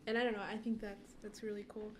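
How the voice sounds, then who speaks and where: A woman co-hosting a podcast in relaxed, chatty conversation. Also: mid-range voice, fast, a little hiss or hum. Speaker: podcast co-host. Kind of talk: casual chat.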